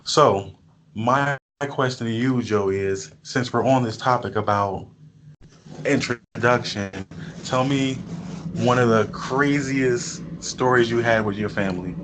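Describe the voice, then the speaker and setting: A young man with a New Jersey accent hosts a laid-back talk. He rambles and restarts at a medium pitch, and faint noise sits under his voice. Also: slow, fairly bright tone, low-quality recording. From Newark, New Jersey. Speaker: host. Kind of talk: casual chat.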